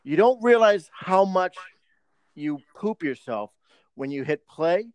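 A man's voice: high-pitched, animated, takes it slowly, a little mellow, clean tone, no echo. A man co-hosting a podcast, telling a profane work story in casual chat.

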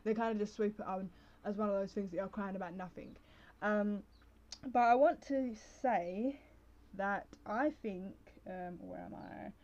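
A woman's voice: medium pitch, unhurried, a little mellow. A young adult woman hosting a casual solo podcast, rambling with lots of fillers and restarts. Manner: rambling, full of fillers and self-interruptions. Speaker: podcast host. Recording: slightly dull lo-fi recording.

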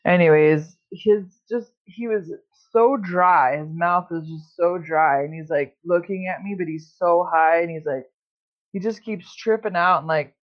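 A woman's voice: on the low side, a little slow. A woman telling stories in a casual chat, swearing constantly and rambling with lots of fillers. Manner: profane, rambling storytelling with many fillers. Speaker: podcast host. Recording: dull lo-fi sound.

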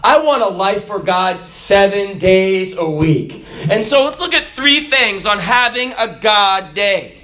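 A man's voice: high-pitched, slow pace. A man preaching a sermon, telling jokes and acting out the characters in his stories. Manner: animated storytelling, acting out characters. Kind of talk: joke-filled sermon.

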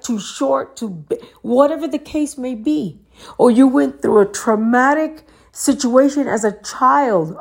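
A woman's voice: a little high, a little mellow, breathy edge. A woman giving an earnest motivational talk, asking the listener pointed questions. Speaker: motivational speaker.

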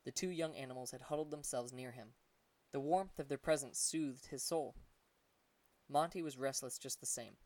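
A man reading a storybook chapter aloud in calm, gentle narration. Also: medium pitch, brisk, no echo, recorded from a distance. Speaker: audiobook narrator. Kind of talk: scripted narration.

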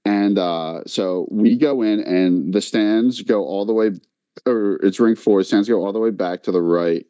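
Animated storytelling man, dark dry voice. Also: fairly low pitch, unhurried, clear, resonant tone, no room sound, dull audio. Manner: animated, many filler likes, quotes others in voices. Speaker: podcast co-host telling a story. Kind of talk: casual storytelling chat.

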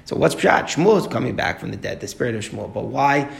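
A man giving a Talmud class to a group, explaining a text line by line and posing rhetorical questions in a quick, earnest delivery. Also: medium pitch, very animated, gravelly. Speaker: Torah teacher. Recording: echoey room.

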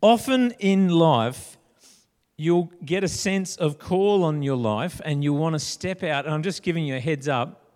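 Male preacher, lively sermon with slangy character voices, high-ish voice, big reverberant hall. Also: measured pace. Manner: animated, acts out Bible characters with slang.

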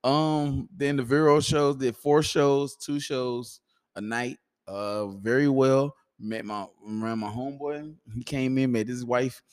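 A man's voice: medium pitch, fairly even intonation, a little slow, darkish tone, clean tone. An easygoing comedian co-hosting a podcast, a man with a mid-range voice who swears freely and laughs through his stories. He rambles in loose, casual banter. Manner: loose, profane, laughs often. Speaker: podcast co-host, stand-up comedian.

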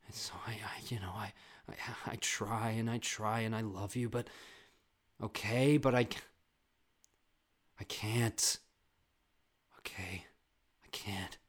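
A man parodying an overwrought TV drama actor in a whispered role-play, breathy and hushed with long dramatic pauses. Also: medium pitch, lightly acted.

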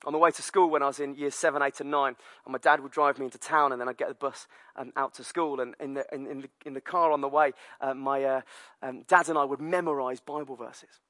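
A British man in his thirties preaching a sermon with personal stories, lively and filler-heavy. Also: medium pitch, fast talker, no room sound. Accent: British English. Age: 30s. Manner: storytelling, lively, many fillers. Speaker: pastor.

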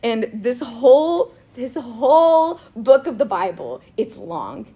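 Husky woman telling a faith story. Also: fairly high pitch, takes it slowly. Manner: animated and giggly, with frequent laughter and filler "like". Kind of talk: casual faith chat, personal storytelling.

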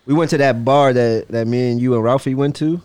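A man from New co-hosting a podcast, laid-back and quick to laugh. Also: medium pitch, darkish tone. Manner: slow, laid-back delivery with bursts of laughter. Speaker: podcast co-host. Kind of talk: casual podcast banter.

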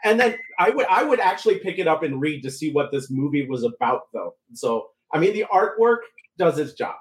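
High-voiced male co-host in an echoey room. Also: very animated, a little fast. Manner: musing, hesitant with fillers. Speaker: podcast co-host. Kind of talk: casual chat. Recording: roomy echo.

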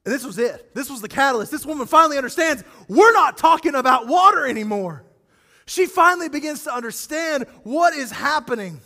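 A male pastor preaching a sermon, animated and acting out scripture scenes as he speaks directly to his congregation. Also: extremely high pitch, brisk, big-room sound.

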